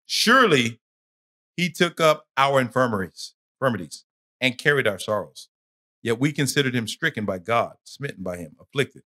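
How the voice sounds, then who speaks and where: A man teaching a church Bible study with a slightly husky, breathy tone. His delivery is highly animated, climbing into urgent shouts at the story's peak and sinking to quiet, grave phrasing. He stumbles and repeats words when groping for a thought. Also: normal speed. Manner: dramatic storytelling, rising to shouts and dropping to hushed tones.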